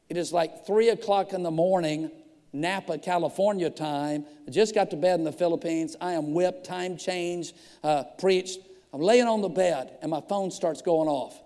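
Animated preacher telling stories in a hall. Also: male voice, sits high. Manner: animated storyteller acting out dialogue. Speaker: pastor. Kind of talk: storytelling sermon. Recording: long hall reverb.

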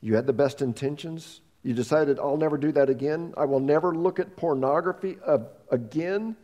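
A man preaching a sermon, telling a story with animated voices and repeating words as he goes. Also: on the high side, moderate pace. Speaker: pastor.

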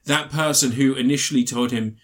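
Reviewing a film on a podcast he co-hosts, this man rambles casually, curses a lot, and mimics characters in mocking voices. His mid-range voice stays fairly even in intonation, and he speaks fairly quickly.

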